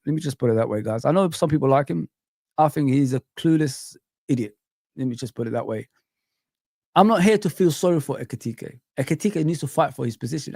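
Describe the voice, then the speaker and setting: A man hosting a live football stream, ranting in an animated way, reading out viewer comments and calling them bro and man. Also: fairly high pitch, no echo, studio quality. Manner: self-described showman. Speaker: football channel host.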